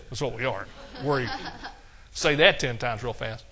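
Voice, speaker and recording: With a mid-range, bright and forceful voice, a man preaches a sermon in a folksy way. He eases into a measured cadence to quote scripture and laughs at his own jokes.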